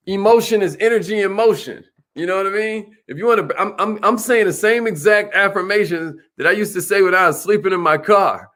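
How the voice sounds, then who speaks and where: A man gives a fired-up motivational talk, hammering home each question over and over. His voice sits high and rings bright and forceful. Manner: emphatic, repetitive, hyped, calls listeners millionaires. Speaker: motivational speaker.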